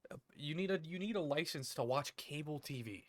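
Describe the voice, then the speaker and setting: A man's voice: a little high, lively intonation, a little fast, dry recording. A man streaming a game, chatting casually with crude jokes and rambling asides. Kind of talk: casual gameplay commentary.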